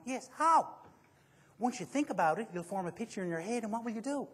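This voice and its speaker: A man speaking to a room full of people at a motivational seminar, his voice husky and a little rough. He jokes as he goes and pulls the audience into the talk with questions. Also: very high-pitched, fast talker. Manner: joking, quizzes the audience.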